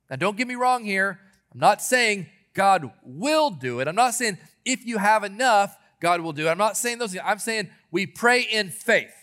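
A man preaching a sermon as a pastor, retelling scripture stories with earnest emphasis and dramatic pauses. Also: sits high, expressive, bright, forceful tone.

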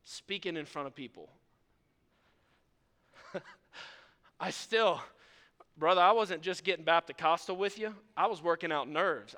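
Male pastor, high clear voice with a bright edge, preaching from a church stage, lively and self-mocking, reverberant sanctuary sound. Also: measured pace, pauses often. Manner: animated storytelling preacher, self-deprecating. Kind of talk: sermon. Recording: long reverb of a large hall.

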